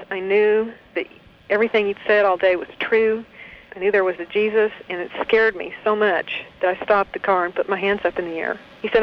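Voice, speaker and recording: Woman giving heartfelt testimony over the phone. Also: medium pitch. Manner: heartfelt, conversational, with hesitations. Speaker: guest recounting her experience. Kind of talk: personal testimony. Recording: dull lo-fi phone call.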